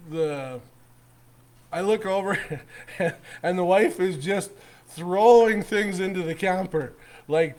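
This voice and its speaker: A middle-aged man from Canada, hosting his own show and telling a rambling, animated anecdote full of restarts and chuckles. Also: fairly high pitch. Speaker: host. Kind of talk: casual storytelling.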